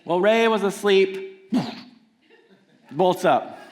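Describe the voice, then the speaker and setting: Playful high-voiced male storyteller on stage. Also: extremely slow. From Washington, USA. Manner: conversational, playful, builds to emphatic points. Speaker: singer-songwriter telling stories between songs. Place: theater stage before an audience.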